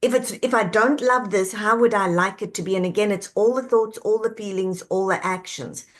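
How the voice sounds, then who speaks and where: A woman being interviewed, calmly walking the listener through reflective questions step by step. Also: mid-range voice, moderate pace. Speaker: guest. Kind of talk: interview answer, coaching talk.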